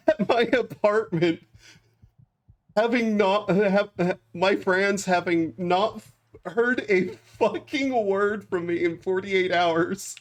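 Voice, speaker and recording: A young man streaming a game, telling a rambling story with frequent laughs and flat acted-out quotes. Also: sits high, slow pace. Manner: rambling, laughs often, acts out quotes flatly. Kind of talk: casual storytelling while gaming.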